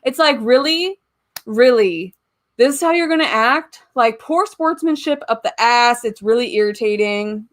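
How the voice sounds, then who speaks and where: A woman's voice: on the high side, lively intonation, measured pace. A young woman hosting a casual live stream from home, chatting to viewers, giggling often and swearing casually. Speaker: YouTube live-stream host.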